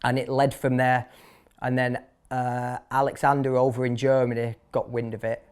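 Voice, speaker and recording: Man, Manchester accent, thirties, barber guest, blunt, chatty, fillers and restarts, medium pitch. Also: monotone, normal speed, darkish tone, clean tone. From Manchester, England. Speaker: barber and shop owner, interview guest. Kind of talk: casual interview storytelling.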